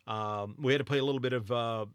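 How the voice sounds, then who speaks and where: A man's voice: mid-range voice, steady tone, fast, smooth, dry recording. An American man hosting his own sports podcast, chatting loosely with many fillers and calling his listeners folks. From United States. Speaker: podcast host and footy tipster. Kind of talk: solo sports podcast commentary.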